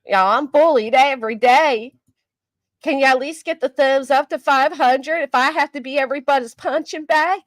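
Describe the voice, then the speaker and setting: A woman's voice: high-pitched, moderate pace, no room sound, clean studio sound. An older woman hosting a casual live-stream commentary, chatty and self-mocking, answering her chat as she goes. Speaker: YouTube commentary host.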